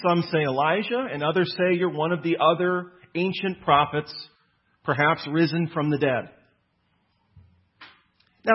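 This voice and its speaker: A man's voice: high voice, slightly rough. A man preaching a sermon to a gathered audience in an earnest, teaching manner. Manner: earnest teaching, slows for emphasis on quotes. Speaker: pastor. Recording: dull lo-fi sound.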